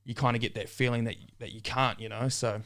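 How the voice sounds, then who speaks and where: A young man from New Zealand, a podcast guest in a relaxed casual chat, often saying "man" and "bro". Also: mid-range voice, a little fast. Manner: laid-back, says "man" and "bro" often.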